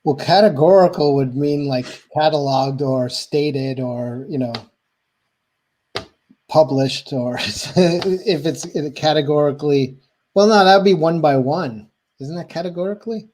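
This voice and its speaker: A man's voice: on the high side, measured pace, darkish tone, a little hiss or hum. A man chatting on a livestream, rambling and swearing as he thinks aloud. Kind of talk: casual chat.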